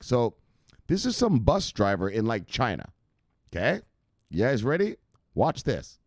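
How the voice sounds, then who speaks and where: A man hosting a casual crypto news livestream, joking and cursing as he gives animated shout-outs to viewers. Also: mid-range voice, unhurried, pauses often, dry recording, studio quality.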